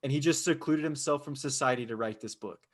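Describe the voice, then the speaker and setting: A man's voice: medium pitch, brisk. Rambling male podcast co-host. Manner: rambling, with frequent restarts and "you know". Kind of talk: casual chat.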